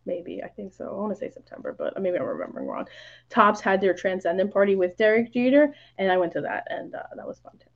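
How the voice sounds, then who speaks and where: A woman's voice: mid-range voice, very animated, fast talker, gravelly. Chatty woman on a lo-fi podcast line. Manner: chatty, many "like" fillers, acts out quoted lines. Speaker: podcast guest. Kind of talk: casual podcast chat.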